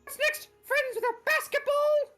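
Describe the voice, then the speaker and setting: Squeaky sadistic bear mascot. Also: male voice, fairly even intonation, a little slow, sharp tone, soft background music, full character voice. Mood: mocking. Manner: sing-song, mocking, gloating. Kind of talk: reading game dialogue in voices.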